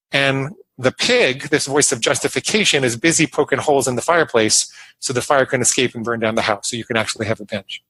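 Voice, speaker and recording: A man's voice: mid-range voice, bright, forceful tone, poor audio. A man in his fifties, a podcast guest telling a personal story in an earnest manner. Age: 50s. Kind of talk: interview storytelling.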